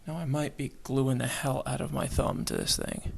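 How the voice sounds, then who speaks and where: A man with children narrates his model kit build in a hobby video, muttering and whispering as he works and adding self-mocking jokes. His medium-pitched, darkish voice swings hugely in pitch, has vocal fry and a normal speed, and there's a little hiss or hum in the recording.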